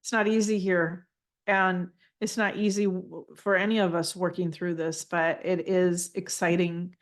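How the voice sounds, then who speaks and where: A woman giving a live channeled spiritual reading, gentle and affirming, often repeating phrases as she passes messages on. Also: lowish voice, little pitch movement, measured pace.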